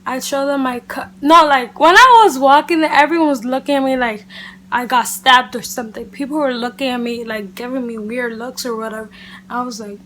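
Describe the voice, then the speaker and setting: High-voiced chatty woman telling a story. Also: fairly quick, slight background noise. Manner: animated, chatty, heavy use of "like" and "literally". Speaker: beauty vlogger. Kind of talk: casual storytime chat to camera.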